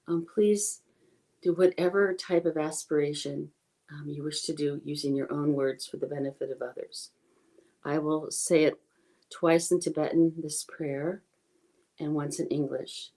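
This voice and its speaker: Low, mellow-voiced woman giving a dharma talk. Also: low-quality recording. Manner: earnest, apologetic, self-correcting; chants prayer slowly in Tibetan. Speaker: dharma teacher. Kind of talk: informal online dharma talk.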